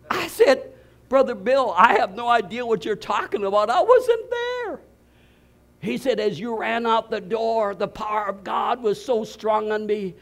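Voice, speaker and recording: An older man preaching a sermon, telling stories with bursts of shouting and laughter. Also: sits high, big pitch swings, measured pace, creaky. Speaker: pastor.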